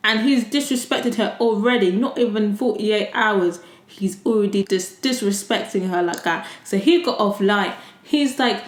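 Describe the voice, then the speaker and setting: A woman hosting a podcast and recapping a reality show episode in casual, animated chat, swearing freely. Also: medium pitch, moderate pace, hardly any pauses, echoey room. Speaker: podcast host. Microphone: desktop USB mic.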